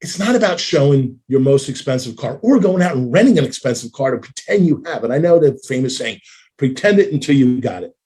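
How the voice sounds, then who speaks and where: A man hosting a casual live-stream conversation, earnest and halting with many restarts. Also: medium pitch, lively intonation, a little mellow, husky. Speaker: host.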